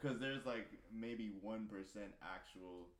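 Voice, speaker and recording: A man's voice: on the low side, slow pace. A man co-hosting a podcast, dropping dry, jokey asides in casual chat. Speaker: podcast co-host.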